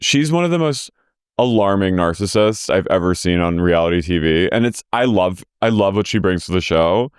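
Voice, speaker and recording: Man, podcast co-host, gossipy recap, smooth clear voice, dry close sound. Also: animated, moderate pace, no echo. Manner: gossipy, acts out quotes in high mocking voices. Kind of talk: casual recap chat.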